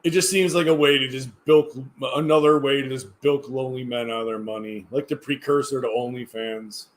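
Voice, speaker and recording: Man, livestream chat, tired, rambling, hesitant, trails off, mid pitch. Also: steady tone, brisk. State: tired, yawning.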